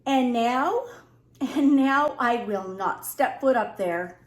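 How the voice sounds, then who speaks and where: A middle-aged woman vlogging from home, telling a story in a lively casual way and acting out the dialogue. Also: on the high side, slow. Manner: animated, acts out both sides of the story. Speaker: lifestyle vlogger. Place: home room. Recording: echoey room.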